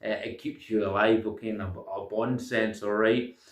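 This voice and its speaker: A man's voice: fairly low pitch, steady tone, moderate pace, echoey room, recorded from a distance. A man giving insistent self-improvement advice to his viewers, hesitating often with ums and uhs. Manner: insistent, lecturing, constantly says "guys". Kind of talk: casual monologue to camera.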